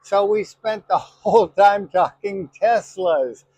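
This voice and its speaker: A man's voice: high-pitched, a little mellow, no echo, rough recording. A man hosting a casual interview, who halts and restarts his words. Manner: halting, repeats and restarts words. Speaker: host.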